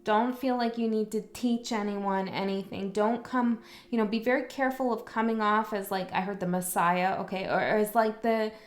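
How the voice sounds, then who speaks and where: A woman's voice: mid-range voice, steady tone, normal speed, few pauses. A woman giving a casual spoken tarot reading, talking frankly and often checking in with the listener. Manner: chatty, frank, checks in with "okay?". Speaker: tarot reader. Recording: roomy echo, faint music.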